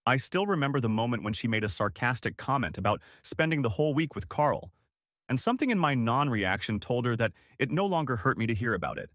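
A man narrating a first-person story as scripted audiobook narration, in an expressive storytelling manner. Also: mid-range voice, fast talker, no echo, clean studio sound.

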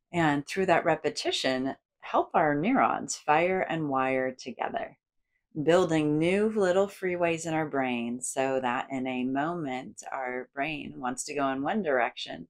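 A woman psychologist giving a guided psychoeducation lesson, acting out inner thoughts with big, playful inflections. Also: low voice. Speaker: psychologist and educator.

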